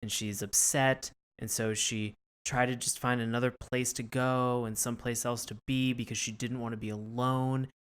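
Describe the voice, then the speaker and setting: A man co-hosting a podcast who retells cartoon episodes in animated, casual storytelling and laughs often. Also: medium pitch, normal speed, hardly any pauses, clean tone. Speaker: podcast co-host. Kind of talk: casual review chat.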